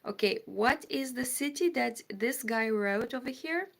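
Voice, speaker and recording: Slow, chatty woman. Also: on the high side, lively intonation, creaky, fairly bright tone. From Moldova. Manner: chatty, reads viewer comments aloud and answers them. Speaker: livestream host. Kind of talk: casual live-stream chat.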